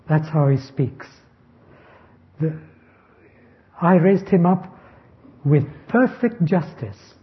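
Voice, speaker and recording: Male preacher, slightly high voice, slow measured delivery, dull lo-fi recording. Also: animated. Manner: slow, deliberate, stressing key words. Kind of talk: expository sermon.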